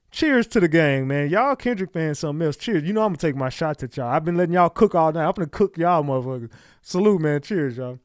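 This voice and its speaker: Brief: male reaction vlogger, mocking slangy delivery, high-pitched. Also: animated, fast talker, dry recording, clean studio sound. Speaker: commentator. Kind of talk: casual reaction vlog.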